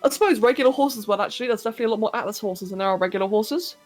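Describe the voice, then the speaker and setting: A woman's voice: mid-range voice, rapid-fire, soft background music. A woman streaming a game live, chatting casually, thinking aloud and answering her chat as she plays.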